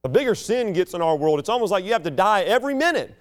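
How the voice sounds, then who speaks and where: A man preaching a sermon with passion, swinging between loud declarations and hushed asides. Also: very animated, fast. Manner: mocks proud churchgoers in a sneering low voice.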